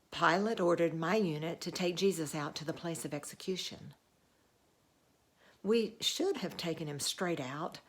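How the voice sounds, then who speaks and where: A woman telling the tale of a sober Roman centurion. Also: sits low. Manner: earnest, measured storytelling. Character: Roman centurion, a grown man, sober commanding officer. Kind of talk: first-person dramatic monologue.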